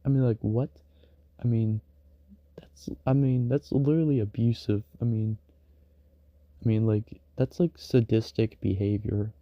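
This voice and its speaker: A man's voice: on the low side, fairly even intonation, unhurried, pauses often, dry recording, lo-fi sound. A man rambling in a casual late-night stream monologue, full of fillers and restarts. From United States.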